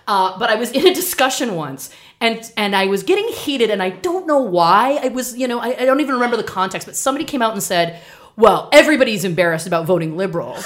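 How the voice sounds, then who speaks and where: A woman from Canada chatting casually as a podcast co-host, telling an anecdote with lots of laughter and animated retellings. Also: fairly high pitch, fast talker. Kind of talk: casual chat.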